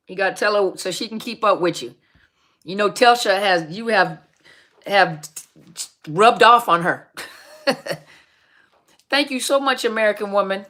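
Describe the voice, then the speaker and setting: Bright, upbeat woman greeting viewers. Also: medium pitch. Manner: laughs often. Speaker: host of a live Q&A on narcissistic abuse. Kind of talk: casual live-stream chat.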